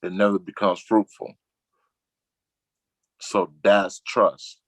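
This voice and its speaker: A man talks in a low, deep voice, recorded dry and close. He rambles through casual chat in slang and drops his voice to act out things his friends say. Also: little pitch movement, slow pace, no echo, poor audio. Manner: rambling, slangy, acts out quotes in a lower voice. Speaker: guest on a talk show.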